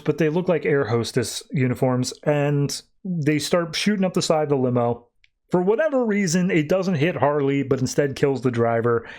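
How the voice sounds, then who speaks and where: A man hosting a podcast, retelling a comic plot in a rambling, wry, casual way with quick acted quotes. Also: on the high side, a little mellow. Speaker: podcast host. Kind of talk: casual comic book recap.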